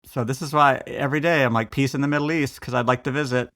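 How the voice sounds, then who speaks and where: A man's voice: mid-range voice, quick pace. Chatty American man telling a story. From United States. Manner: chatty storyteller, animated quoting. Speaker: podcast co-host. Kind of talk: casual chat.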